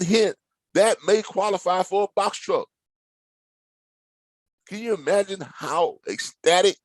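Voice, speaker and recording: Animated man teaching trucking. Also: high voice, no echo, rough recording. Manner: animated, playfully dramatic, teasing asides. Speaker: logistics trainer. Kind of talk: screen-share tutorial talk.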